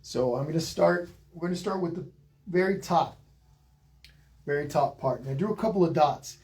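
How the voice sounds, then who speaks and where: A middle-aged man, teaching a live online painting lesson in a relaxed, chatty way and reading out viewer comments as he goes. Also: on the high side, moderate pace. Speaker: painting instructor.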